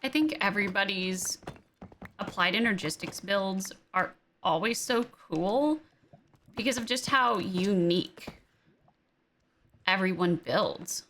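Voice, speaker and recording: A woman's voice: medium pitch, slow pace, pauses often, fairly bright tone, slight background noise. A young adult woman streaming a game, chatting playfully in casual commentary and exclaiming over her build.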